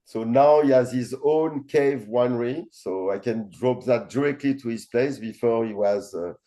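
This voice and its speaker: A man's voice: medium pitch, moderate pace, mellow. A middle-aged man from France with a French accent, a winemaker guest talking casually with many fillers and blunt swearing. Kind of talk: casual interview chat.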